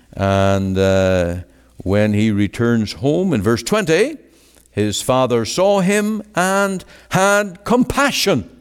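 A man preaching a sermon. He quotes scripture in old-fashioned wording, rising to emphatic exclamations and then dropping to hushed, low words. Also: clean tone. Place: meeting hall. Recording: long hall reverb.

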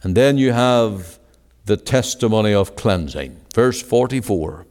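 Male preacher, slow and deliberate, swinging from ringing exclamations to quiet low words; long hall reverb. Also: lively intonation. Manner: quotes scripture in old-fashioned wording. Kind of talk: sermon. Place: meeting hall.

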